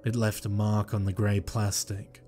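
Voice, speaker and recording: A man narrating a horror story in a slow, measured, somber way. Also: on the low side, little pitch movement, mellow, faint music behind.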